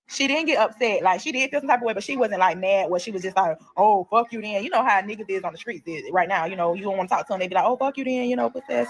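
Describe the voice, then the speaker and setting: A young woman telling a story casually, animated, blunt and profane, addressing listeners as y'all. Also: fairly high pitch. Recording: played clip within livestream.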